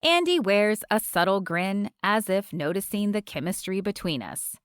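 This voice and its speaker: A woman narrating a sweet romance audiobook in a measured, expressive way. Her voice sits mid-range, recorded close and dry with no room sound. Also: mid-range voice, clean tone, no room sound.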